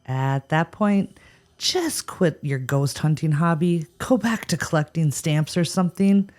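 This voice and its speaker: A woman's voice: low voice, a little slow, darkish tone. A woman co-hosting a paranormal podcast, reacting with wry, sarcastic humor. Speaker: podcast co-host. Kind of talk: scripted paranormal podcast chat.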